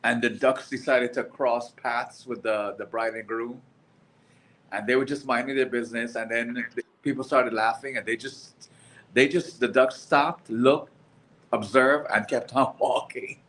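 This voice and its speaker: A man's voice: medium pitch, fairly even intonation, a little slow, fairly bright tone, a little hiss or hum, poor audio. A man on a live stream chat telling a short story and laughing as he goes. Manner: laughs while telling stories.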